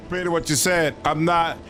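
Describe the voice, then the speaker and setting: A man's voice: on the high side, a bit bright. A man streaming a role-playing game, chatty and reactive, laughing often as he comments. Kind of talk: casual gameplay commentary. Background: game music.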